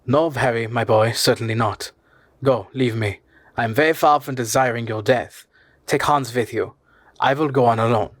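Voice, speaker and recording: A man voicing a stubborn elderly professor and explorer who speaks slowly and earnestly, turning harsh and commanding. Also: medium pitch, no room sound, natural voice.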